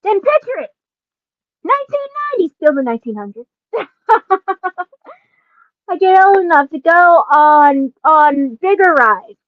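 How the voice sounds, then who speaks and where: A woman in her forties, a podcast host, casually telling a personal story with lots of laughing and animated asides. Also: high voice, a little slow, pauses often, no room sound, highs cut off, soft background music.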